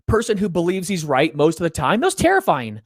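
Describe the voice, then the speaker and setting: This middle-aged interview guest talks fast in a slightly high voice about being a parent. Animated and conversational, he acts out the quotes he relays, recorded in studio quality with no room sound.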